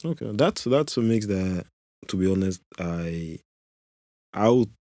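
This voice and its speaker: A man's voice: sits low, animated, unhurried, mellow, dry recording, clean studio sound. A man hosting a podcast in his second language, French being his first, talking in a hesitant, filler-heavy way with many restarts. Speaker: podcast host. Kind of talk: conversational interview.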